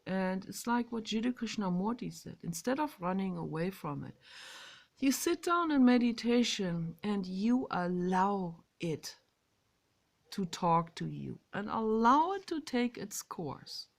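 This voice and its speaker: A woman speaks slowly in a gravelly, fry-laden voice, stretching her words as she muses in a casual vlog. She leans hard on some words and falls to a hushed whisper on others. She is recording outdoors. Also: mid-range voice, very animated. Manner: emphatic and drawn-out, swinging between loud stresses and soft whispers. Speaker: vlogger. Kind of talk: casual spoken monologue on meditation.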